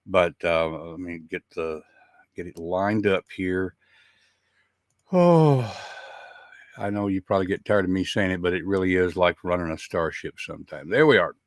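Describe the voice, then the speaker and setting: A man's voice: sits low, fairly even intonation, brisk, no room sound, studio quality. A man with a Southern American accent, hosting a live show, chatting in a folksy way with a lot of "uh" fillers. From Southern United States. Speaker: podcast host.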